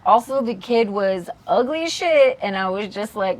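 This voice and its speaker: A woman's voice: mid-range voice, moderate pace. A woman co-hosting a podcast in casual chat, telling a story with lots of swearing and quoted voices. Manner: animated storyteller, swears freely, mimics people. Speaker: podcast co-host.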